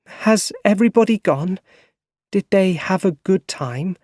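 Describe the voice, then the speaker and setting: A man's voice: high voice, expressive, a little slow, darkish tone, dry recording, pitched above the performer's own voice. A man doing a tired, tearful old aunt. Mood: drowsy. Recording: dry close recording.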